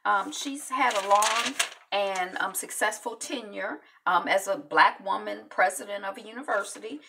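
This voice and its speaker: A woman casually recapping a TV episode, chatty and loose, with lots of ums and quick asides. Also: mid-range voice, creaky, bright, forceful tone, recorded from a distance. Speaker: TV recap vlogger.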